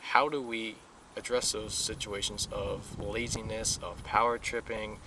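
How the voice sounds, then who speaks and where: A man's voice: fairly low pitch, level tone, unhurried, background noise. A young man, a police recruit, talking earnestly in a casual podcast interview, full of fillers and repeated phrases.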